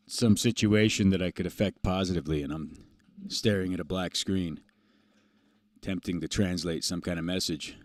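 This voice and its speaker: A man's voice: sits low, dry recording. A man hosting a casual livestream, rambling and swearing freely as he drifts into motivational talk. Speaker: livestream host.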